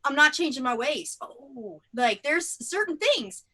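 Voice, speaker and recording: A woman's voice: high voice, sing-song, a little slow, bright, forceful tone. A woman doing improvised stand-up comedy in a rambling, self-deprecating way, full of fillers and tangents. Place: theatre stage.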